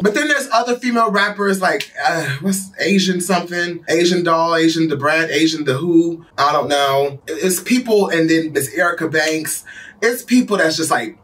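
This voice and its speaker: A man's voice: a little high, normal speed, fairly bright tone, far from the mic, slight background noise. A man giving casual pop culture commentary in a sassy, gossipy way. He laughs often and swears freely.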